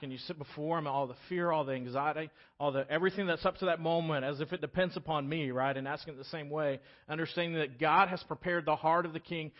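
Man preaching a lively sermon. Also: a little high, highs cut off. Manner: animated preaching, acting out dialogue in scripture. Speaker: pastor. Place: church sanctuary.

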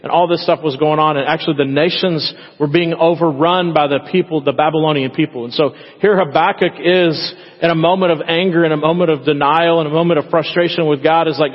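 Husky preacher in an echoey church. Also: male voice, on the high side, fairly even intonation, fairly quick. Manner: conversational, acts out prayers in quoted voices. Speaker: pastor. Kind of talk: sermon. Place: church sanctuary. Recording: echoey hall, dull lo-fi sound.

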